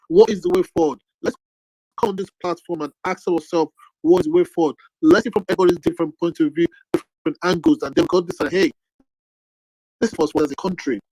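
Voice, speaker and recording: A man, co-hosting a live audio debate in a calming, conciliatory, rambling way. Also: high voice, no echo, low-quality recording.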